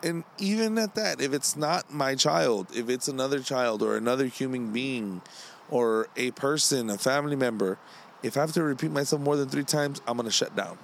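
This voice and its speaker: Gravelly man ranting on a podcast. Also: normal speed, slight background noise. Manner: profane, heated ranting; swings from low grumbling to loud outbursts. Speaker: podcast co-host. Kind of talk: casual podcast chat.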